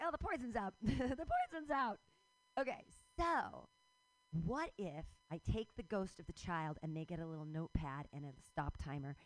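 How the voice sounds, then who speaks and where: A middle-aged woman performing a rambling stand-up comedy set, excitable and swearing freely. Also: mid-range voice, no room sound, poor audio.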